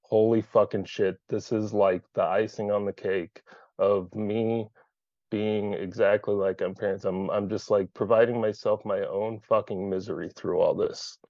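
Low-voiced man sharing candidly, lo-fi. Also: steady tone, measured pace, a little mellow, dry recording. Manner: candid, swears freely, searching aloud. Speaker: support group member. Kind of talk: personal sharing in a support group. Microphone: video call.

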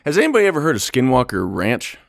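A man hosting a podcast, reading a brisk, dramatic topic intro between casual chat. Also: mid-range voice, wildly swooping pitch, creaky, a little hiss or hum. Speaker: podcast host.

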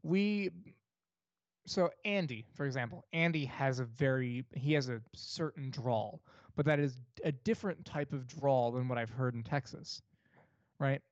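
A man's voice: medium pitch, no room sound. A young man from New York State co-hosting a casual podcast chat, rambling with many fillers and restarts. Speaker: podcast co-host. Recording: dry, dull lo-fi podcast mic.

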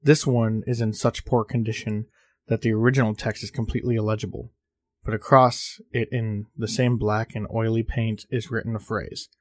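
A man narrating a horror story for his podcast in a lowish voice, reading at a measured pace and tripping over a word now and then. The sound is dry and close, with no room in it. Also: flat delivery, no room sound. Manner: measured reading with small slips.

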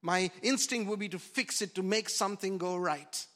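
A man with a high voice preaches as pastor at a moderate pace, holding a mic in a church hall. The sermon is lively, ranging from shouting to whispering softly.

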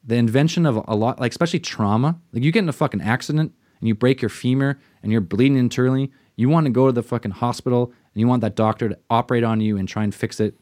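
A man talking on a podcast, ranting hard and swearing freely. His voice sits at an ordinary middle pitch. The sound is dry and close, with no room around it. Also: fast talker, few pauses, no echo. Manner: profane, animated ranting with mocking put-on quotes. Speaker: podcast co-host. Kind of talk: casual podcast chat.

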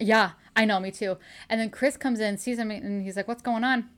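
A woman's voice: medium pitch, steady tone. Woman host gushing thru a book recap, chatty, laughs a lot. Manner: chatty and gushing, laughs often, retells scenes quickly. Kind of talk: casual chat.

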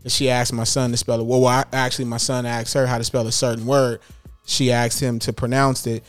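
A man's voice: medium pitch, little pitch movement, brisk, clean tone, no echo, soft background music. A man talking casually as a parent, rambling and restarting his sentences often. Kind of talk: casual chat.

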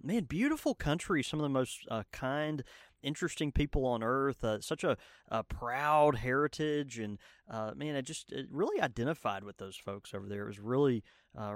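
An eager man talks casually as a podcast co-host. He sounds fired up and loose, circling back with restarts and fillers. His voice sits at a middling pitch and sounds dry and close, with no room sound around it. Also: dry recording. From Southern United States. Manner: enthusiastic, many fillers and restarts. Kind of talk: casual chat.

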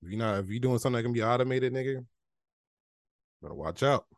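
A man's voice: mid-range voice, animated, fast, no echo, studio quality. A man co-hosting a podcast in a laid-back, profane, casual chat, full of filler phrases. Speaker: podcast co-host.

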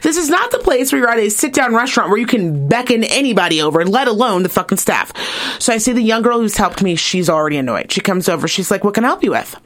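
A young adult woman co-hosting a podcast, telling a story in a casual, animated and profane way and acting out the people she quotes. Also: mid-range voice, fast. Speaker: podcast co-host.

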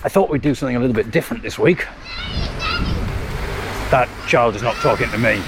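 Out on a river walk, a podcast host with a mid-range, slightly quick voice rambles through stories in a casual monologue, poking fun at himself and laughing often. There is noise in the background.

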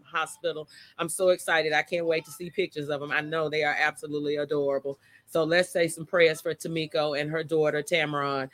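A live show host with a deep, slightly bright voice streams casually from outdoors, chatty and emotional as she talks straight to her viewers. She stands by a motion-sensor light in the wind.

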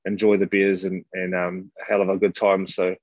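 A man from New Zealand with a New Zealand accent, a guest rugby player chatting casually, often saying "mate" between halting fillers. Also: low-pitched, completely flat delivery, no echo. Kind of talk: casual interview chat. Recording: dull, dry lo-fi audio.

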